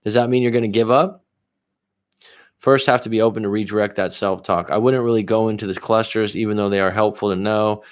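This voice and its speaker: Blunt, lower-voiced male relationship coach. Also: steady tone, fairly quick, smooth. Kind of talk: livestream advice, reading viewer comments.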